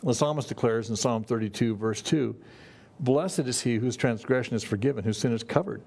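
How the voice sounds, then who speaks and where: Man, middle-aged pastor, sermon, conversational, mid-range pitch. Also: fairly quick, creaky, a little mellow. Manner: conversational, with frequent restarts and "you know".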